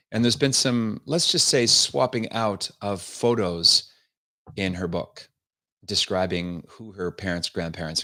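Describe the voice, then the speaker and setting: Male livestream host, fairly low voice, scornful and sarcastic, opinionated political commentary, greets chat. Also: a bit bright. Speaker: show host.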